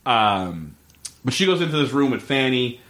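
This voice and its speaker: A man's voice: medium pitch, very animated, normal speed, a bit bright. A man in casual podcast chat, recapping a TV episode and animatedly quoting its characters, with lots of filler words.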